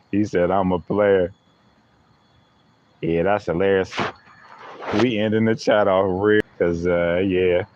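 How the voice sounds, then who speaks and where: A man's voice: sits low, fairly even intonation, slow pace, a little mellow, muffled recording, slight background noise. A man using hosts a live stream, chatting playfully with viewers and laughing often. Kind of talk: joking live-stream chat.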